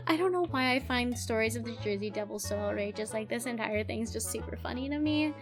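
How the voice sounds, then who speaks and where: A woman with a high, bright-toned voice talks through her video in loose, unscripted chat. She giggles often, breaking into her own sentences, and drops casual swears into jokey asides. Faint music plays quietly behind her. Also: lively intonation, a little fast. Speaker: YouTube host presenting cryptids.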